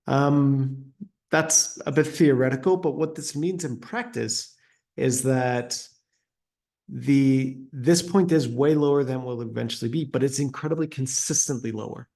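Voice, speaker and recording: A man's voice: medium pitch, measured pace, mellow. A man giving a webinar presentation on trade data, hesitant with many fillers and restarts and an uneven pace.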